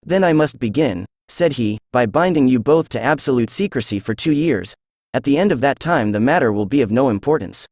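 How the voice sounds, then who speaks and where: A proud, anxious masked nobleman , read by a synthesized male voice. The delivery is even and machine-like, at a middling pitch, in a dry, close recording. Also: a little fast, dry recording. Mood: formal. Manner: flat synthetic reading of the king's lines. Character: proud masked Bohemian king, tall and anxious. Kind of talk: text-to-speech audiobook dialogue.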